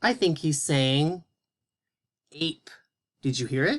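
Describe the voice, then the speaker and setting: Guy teacher doing a kids' phonics lesson, really slow and patient, spells every word out clearly. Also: a little high, very animated, a bit bright. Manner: slow, encouraging, carefully spelled-out words for young kids.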